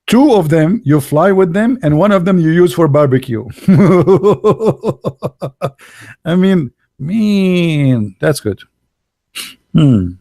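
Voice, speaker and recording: A man talking in a casual, sarcastic monologue, full of halting fillers and mockery. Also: fairly high pitch, expressive, dark tone, no echo, studio quality. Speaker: online religious debater.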